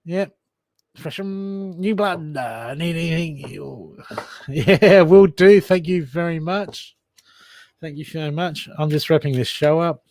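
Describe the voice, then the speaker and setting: A man's voice: fairly high pitch, slow pace, darkish tone, no echo. A man giving tarot readings on a casual livestream, chatty and familiar, calling viewers darling and mate. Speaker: live tarot card reader.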